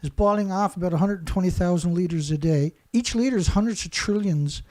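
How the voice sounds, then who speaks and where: His voice sits high and sounds mellow, and he talks fairly quickly. Hosting a show, he launches into an angry, repetitive rant stuffed with insults.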